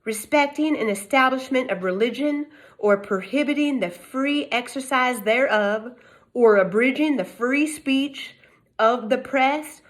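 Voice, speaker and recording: A middle-aged woman speaks to camera in a put-on Texas drawl, folksy and emphatic. She lectures with rhetorical questions in a fairly high voice. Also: a little slow. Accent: Texas Southern US, put on. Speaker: self-made legal commentator. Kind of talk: casual monologue to camera. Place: home in California.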